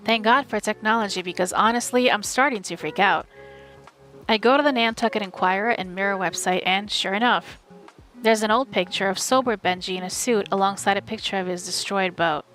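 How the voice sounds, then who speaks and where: A woman from the USA streaming a live audiobook reading, narrating in a steady, wry first person. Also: medium pitch, a little fast, soft background music.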